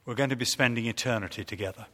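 A man's voice: mid-range voice, racing, fairly bright tone. A man preaching a sermon, earnest and storytelling, with hesitant fillers in a reverberant church hall. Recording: long reverb of a large hall.

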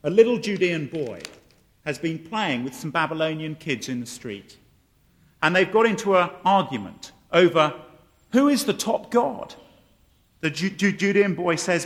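A man's voice: sits high, sing-song, moderate pace, fairly bright tone. A man preaching a sermon and telling the story with animation, acting out the voices he quotes. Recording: long hall reverb.

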